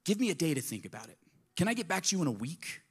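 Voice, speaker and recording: A male pastor preaching with animated, conversational energy. He shifts between punchy, raised lines and quiet, confiding asides, often acting out small exchanges as he goes. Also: a little high, racing, slightly rough. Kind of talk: sermon.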